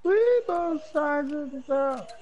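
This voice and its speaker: A man's voice: extremely high pitch, steady tone, slow pace. A young man chatting casually while gaming, joking and hyping up the team.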